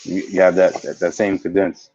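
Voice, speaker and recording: A man co-hosting a podcast, asking calm, measured interview questions. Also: low voice, no room sound. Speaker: podcast co-host. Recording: dull, lo-fi dry sound.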